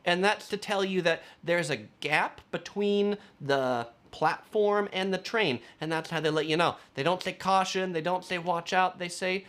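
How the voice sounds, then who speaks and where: A man's voice: sits high, normal speed, hardly any pauses, fairly bright tone. A man, a travel vlogger talking casually and chattily, with frequent fillers. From United States. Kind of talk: casual travel vlog talk.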